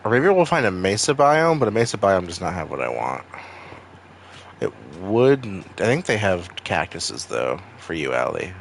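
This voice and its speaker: A young man from Maine with a Maine accent talks through a game stream in a lowish voice. He rambles and swears freely between wisecracks. A faint hiss sits under his voice. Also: sing-song, normal speed, vocal fry. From Maine, USA. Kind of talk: casual gaming stream chat.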